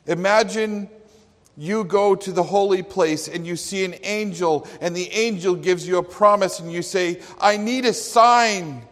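A man's voice: high voice, fairly even intonation, normal speed. A man preaching a sermon in an earnest, emphatic manner. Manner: earnest, emphatic, with acted quotes. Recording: long hall reverb.

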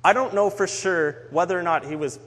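A man's voice: high voice, fairly quick, fairly bright tone, slightly rough. A man giving a sermon on a psalm in an earnest, conversational way. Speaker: preacher. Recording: long hall reverb.

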